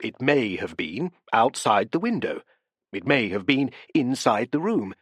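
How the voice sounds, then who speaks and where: A man voicing a stout, genial elderly male detective who questions people in a musing, deliberate way, in an audiobook. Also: mid-range voice, sing-song, fairly bright tone, breathy edge, no echo, full character voice. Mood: pondering. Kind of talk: audiobook character voice.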